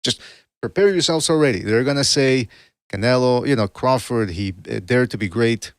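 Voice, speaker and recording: Casting note: male boxing podcast host, mid-pitched, loose and rambling, self-correcting, dry close mic. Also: normal speed, no room sound. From Canada. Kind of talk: casual livestream commentary.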